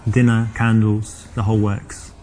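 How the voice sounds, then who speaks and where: An actor with an English accent playing a smooth, confident man chatting up a woman in a video game. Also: lowish voice, level tone, unhurried, dark tone, slight background noise, close to an everyday voice. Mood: flirty. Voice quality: confident, glib, persuasive. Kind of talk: full-motion video game acting.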